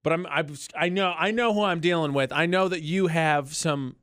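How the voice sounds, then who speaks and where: A man's voice: a little high, moderate pace, clean tone, no room sound. A man hosting a radio morning show, telling stories with lots of laughter in a studio. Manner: animated storyteller, laughs often. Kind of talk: casual radio banter. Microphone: studio mic.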